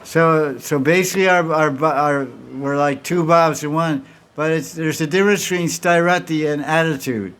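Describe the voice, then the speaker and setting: A man's voice: a little high, steady tone, normal speed, fairly bright tone, clear, resonant tone. A man giving a devotional talk, telling stories and acting out the characters' dialogue, with many restarts. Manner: acts out dialogue between characters in storytelling; frequent restarts and repeated words. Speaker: spiritual teacher.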